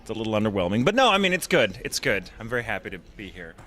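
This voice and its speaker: A man's voice: on the low side, very animated, rapid-fire, bright, forceful tone. A man being interviewed at a convention, talking in a playful, jokey and theatrical way. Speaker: voice actor guest. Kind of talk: convention interview, casual chat. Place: convention floor.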